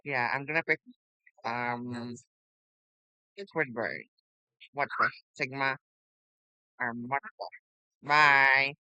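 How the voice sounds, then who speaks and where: Excitable gamer man, bright and crisp. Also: medium pitch, extremely slow, pauses often, no echo. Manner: excitable, repeats exclamations, bursts of loud shouting. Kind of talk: casual gameplay commentary.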